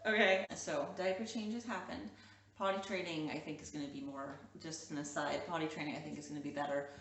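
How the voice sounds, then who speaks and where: A young woman from Canada chats to the camera about home life in a loose, rambling way, dropping "like" into nearly every sentence. Her voice sits a bit low. The sound is roomy, with the mic set back from her and a faint hiss behind. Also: steady tone, brisk, gravelly, fairly bright tone, recorded from a distance. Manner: rambling, many "like" fillers, coos to her child. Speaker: mom vlogger. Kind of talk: casual chat to camera with her toddler. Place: home room.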